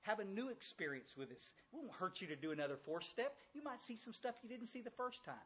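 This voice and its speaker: Husky, blunt older man with a drawl. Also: sits high, big pitch swings, fast talker, fairly bright tone. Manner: folksy, blunt, with frequent repetitions and direct questions to the audience. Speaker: recovery speaker. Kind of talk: recovery talk to a large audience. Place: large room with a few hundred listeners.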